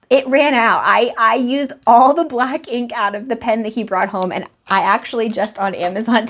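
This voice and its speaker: A young adult woman recapping her recent resale sales in a chatty, rambling way, with asides and self-deprecating laughs. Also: medium pitch. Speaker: reseller vlogger.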